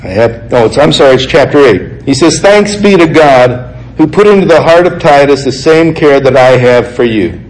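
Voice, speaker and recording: A man preaching a sermon, reading scripture passages aloud and explaining them in an earnest, conversational way, slowing down to stress key points. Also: mid-range voice, expressive, rough recording. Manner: earnest, conversational, slows for emphasis.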